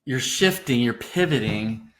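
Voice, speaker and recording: A man's voice: medium pitch, animated, a little slow. Affirming man co-hosting a podcast. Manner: affirming, sums up his partner's points. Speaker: podcast co-host. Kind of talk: casual podcast conversation.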